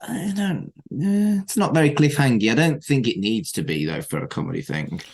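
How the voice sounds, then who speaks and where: A man's voice: medium pitch, very animated, normal speed, vocal fry, darkish tone, husky. A man on a podcast panel, musing aloud in casual chat with questioning remarks.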